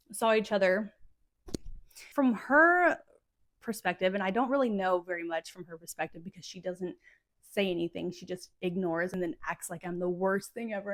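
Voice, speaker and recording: A woman in her thirties hosting a solo podcast, talking in a rambling, emotionally charged way, full of "like" fillers. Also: mid-range voice. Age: 30s. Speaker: podcast host. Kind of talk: casual solo podcast monologue.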